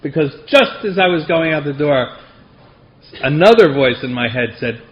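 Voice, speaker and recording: A man's voice: fairly high pitch, lively intonation, normal speed, muffled recording. A middle-aged man giving a personal story at a recovery meeting, wry and self-deprecating. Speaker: AA speaker. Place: meeting hall.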